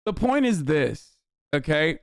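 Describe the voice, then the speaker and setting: A man's voice: on the high side, sing-song, takes it slowly, creaky, clear, resonant tone, no echo. A man in his thirties ranting on a livestream, heated, profane and sarcastic, speaking into a close studio mic. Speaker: streamer.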